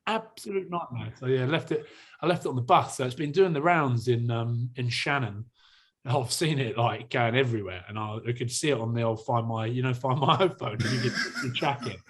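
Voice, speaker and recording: A man's voice: medium pitch, a little fast, breathy edge. A young man co-hosting a rugby podcast, chatting casually, laughing often and swearing freely. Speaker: podcast co-host, rugby player. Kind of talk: casual chat.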